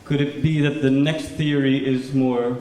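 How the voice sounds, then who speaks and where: A man's voice: mid-range voice, flat delivery, measured pace, a little mellow. Man asking questions in an echoey hall. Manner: asks everything as questions, rising intonation. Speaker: performance speaker. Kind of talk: performative lecture in questions. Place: large lecture hall. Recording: echoey hall from far off, faint noise.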